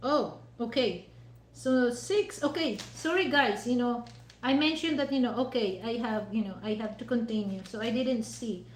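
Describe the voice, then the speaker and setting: A woman's voice: a little high, moderate pace, reverberant, a little hiss or hum, rough recording. A woman vlogger chatting casually over dinner, rambling and leaning on "you know" fillers with non-native phrasing.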